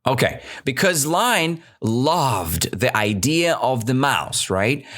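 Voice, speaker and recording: A man teaches English by retelling a story, speaking slowly and asking his listeners questions as he goes. His pitch moves up and down a lot, which keeps the explanation animated. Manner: slow, questioning, keeps checking understanding. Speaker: English teacher, podcast host.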